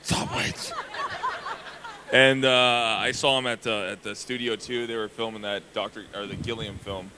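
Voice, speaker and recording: A man's voice: fairly low pitch, little pitch movement, normal speed, noisy background. A man on a convention panel, chatting in a loose, rambling way and swearing casually. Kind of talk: casual chat.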